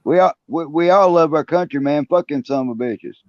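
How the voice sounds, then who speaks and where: A man with a mellow, fairly high voice calls in to a casual chat. He sounds easygoing and profane. The sound is dry and muffled, like a cheap phone line. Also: a little fast, no echo. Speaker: caller on a prepaid phone.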